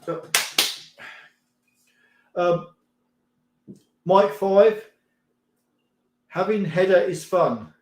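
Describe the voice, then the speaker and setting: Middle-aged male stream host, rambling and laughing, slightly higher voice, roomy sound. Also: very slow, long pauses, darkish tone, slight background noise. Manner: rambling, laughs often, mild swearing. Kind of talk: casual chat reading viewer comments.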